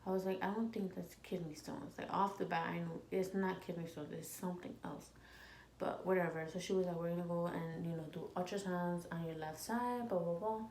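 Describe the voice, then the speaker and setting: A woman in her twenties telling a storytime vlog, animated and swearing freely as she quotes people in her story. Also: fairly low pitch, fairly quick. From United States. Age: 20s. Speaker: vlogger. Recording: echoey room with faint ambient noise.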